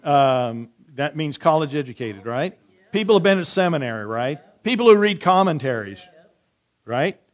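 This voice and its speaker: A pastor delivers a sermon, reading scripture slowly and softly before turning conversational, posing questions to his congregation and answering them himself. His voice is fairly high-pitched for a man, with lively intonation.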